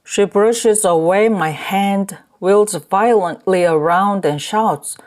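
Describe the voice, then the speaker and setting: A woman's voice: medium pitch, takes it slowly, a little mellow, close to an everyday voice. A woman reading an audiobook, voicing a drunk middle-aged rickshaw man who bellows and blusters between rage and grief. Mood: boisterous boasting.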